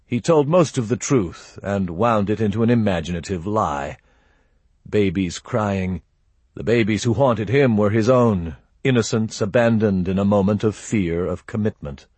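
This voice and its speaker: A husky male narrator reading fiction aloud in a measured, steady way. His voice is low and close to the mic, in a dry, deadened space. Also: dry recording. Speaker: audiobook narrator. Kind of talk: scripted narration.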